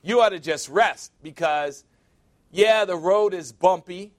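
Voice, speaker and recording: Man, preacher, fairly high voice, conversational sermon, joking asides, emphatic. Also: takes it slowly.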